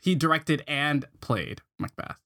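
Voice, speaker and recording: A man's voice: on the high side, expressive, measured pace, vocal fry, a bit bright. A man co-hosting a film podcast in casual chat, introducing the episode. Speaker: podcast co-host.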